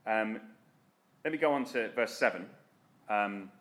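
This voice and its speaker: A man's voice: fairly low pitch, expressive, a little slow, fairly bright tone. A man preaching a sermon in an earnest, direct, exhorting way.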